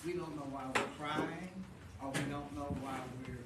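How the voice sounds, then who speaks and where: A woman's voice: low-pitched, steady tone, normal speed. A woman attending a church workshop who speaks up from the audience, musing aloud and using a homely example. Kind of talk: audience comment. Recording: echoey room, far from the mic, noisy.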